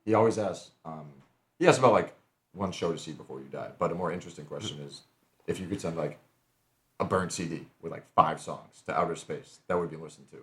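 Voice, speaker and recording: A man guesting on a podcast in casual chat, joking with quick profane remarks. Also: deep voice, a bit bright.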